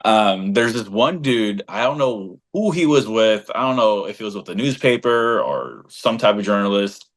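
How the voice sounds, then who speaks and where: A man co-hosting a fan podcast, telling a story in an animated, slangy and emphatic way. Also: on the low side, normal speed, few pauses. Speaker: podcast co-host and fan group leader. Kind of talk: casual podcast chat, storytelling.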